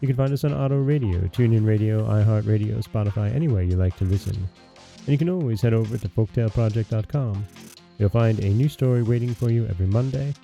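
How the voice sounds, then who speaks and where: A man hosting a storytelling podcast, reading a fairy tale aloud in a calm, measured way. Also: fairly low pitch, gravelly, highs cut off, soft background music.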